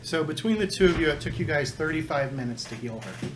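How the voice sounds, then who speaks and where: A man's voice: fairly high pitch, lively intonation, quick pace. A man running a tabletop game as game master, giving rules in a matter-of-fact way. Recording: noisy home recording.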